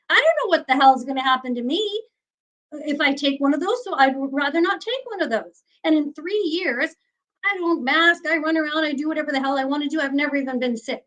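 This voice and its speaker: Woman, high voice, fired-up interview guest who vents and curses. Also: a bit bright, low-quality recording. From Canada. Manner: indignant, ranting, swears freely. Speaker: guest, former news director. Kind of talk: heated interview talk.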